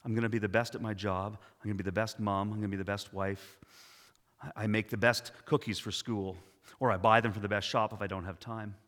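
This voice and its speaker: A man gives voice to a driven, anxious mother who keeps insisting she is the best. The tone is bright, and a long hall reverb follows her words. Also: on the low side, flat delivery, brisk, pitched below the performer's own voice, natural voice. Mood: proud. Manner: insistent, self-assured, repetitive.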